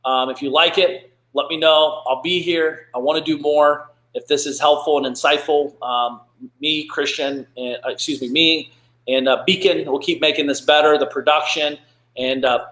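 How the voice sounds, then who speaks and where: A man hosting a casual live motivational show. He talks in an earnest, rambling way, with lots of fillers and restarts. His voice sits a bit high for a man and rings in a roomy, echoey space. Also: steady tone, moderate pace, a bit bright. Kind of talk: casual live-stream chat, reading comments.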